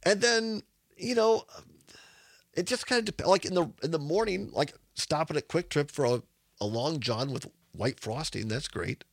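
A man's voice: a little high, moderate pace, dry recording, clean studio sound. A man hosting a radio talk show, chatty and rambling, laughing often. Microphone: studio microphone.

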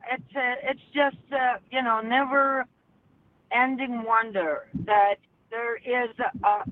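An indignant female caller heard over a tinny phone line. She speaks slowly and haltingly, with many fillers, in a fairly high voice. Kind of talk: phone-in comment.

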